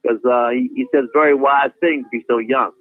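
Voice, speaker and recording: A man's voice: mid-range voice, steady tone, fairly quick. A man speaking as a guest on a talk show, preaching with passion and acting out little scenes in different voices. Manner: preacherly, acts out scenes with many voices, laughs often. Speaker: guest activist. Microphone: phone call. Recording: tinny phone line, dry.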